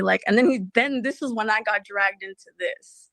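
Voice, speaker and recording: A woman's voice: mid-range voice, normal speed, a bit bright, no echo. A woman guest rambling through a story in casual chat, often quoting what others said. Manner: rambling, repeats herself, quotes others.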